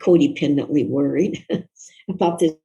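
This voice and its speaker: An older woman, a guest author, recalling a personal story in an interview in a reflective, soft-spoken, earnest way. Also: sits low, measured pace, vocal fry, muffled recording.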